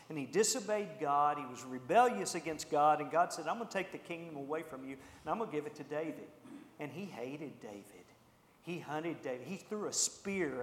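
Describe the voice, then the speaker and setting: A man preaching a sermon, telling a story with lively energy and acting out the characters' lines. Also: a little high. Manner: animated, acts out the characters' lines. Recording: echoey hall with long reverb.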